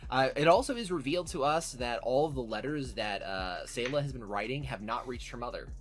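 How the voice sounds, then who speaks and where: A man's voice: medium pitch, lively intonation, brisk, faint music behind. A man with a nasal voice hosting a casual podcast, recapping an episode in a profane, sardonic way. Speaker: podcast host.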